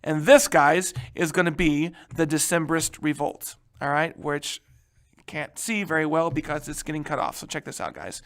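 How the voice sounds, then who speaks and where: A male history teacher giving a casual, animated lecture, joking and checking in with his students. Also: a little high, moderate pace. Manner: animated, joking, keeps asking "right?".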